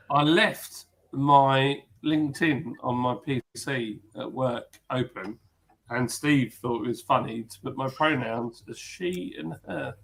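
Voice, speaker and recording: A man's voice: medium pitch, a bit bright. A man hosting a casual live stream chat over beers, laughing easily and mimicking people in his stories.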